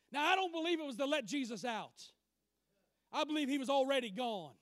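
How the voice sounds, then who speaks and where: A man preaching a sermon, emphatic, swinging from loud declarations to quiet asides. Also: extremely high pitch, lively intonation, normal speed, dry recording.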